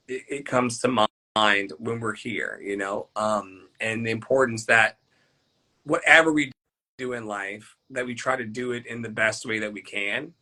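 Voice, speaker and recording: A man's voice: medium pitch, sharp tone, low-quality recording. A man co-hosting an online talk show, talking earnestly and reflectively with frequent restarts. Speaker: co-host. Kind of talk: reflective casual chat.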